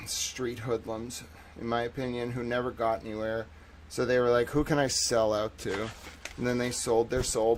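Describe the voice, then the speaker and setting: Male streamer, mid-pitch voice, rambling and sarcastic, loud bursts then mutters. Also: slight background noise. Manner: rambling, digressive, swings between loud outbursts and muttered asides; profane, sarcastic. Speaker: livestream host. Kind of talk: casual livestream commentary.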